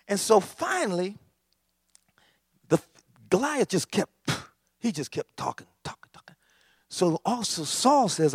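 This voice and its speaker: A man preaching a sermon as pastor, animated, repetitive and emphatic. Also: fairly high pitch, unhurried, husky, no echo, clean studio sound.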